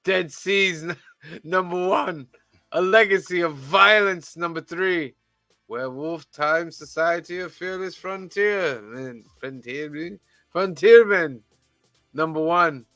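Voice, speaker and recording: A man hosting a casual podcast, reading titles off a list in a measured, deadpan way with wry asides. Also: sits high, no room sound, faint music behind. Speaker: podcast host reading the weekly release list.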